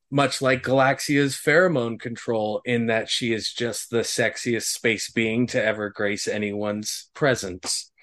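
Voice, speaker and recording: A man of average pitch runs a tabletop game at an unhurried pace. He explains the rules in a measured, encouraging way and pauses often to find his words. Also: a bit bright. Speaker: game master.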